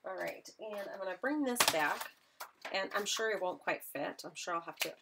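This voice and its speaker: Over a noisy background, a woman instructor with a medium-pitched voice and moderate pace chats to viewers as she demonstrates a live craft project. She keeps up a chatty, self-deprecating patter, joking about herself while she works.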